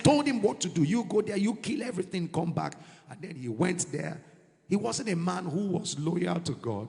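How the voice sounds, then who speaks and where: A man preaching a sermon in church, animated and mixing in pidgin asides. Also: high-pitched, vocal fry. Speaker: pastor. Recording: long church-hall reverb.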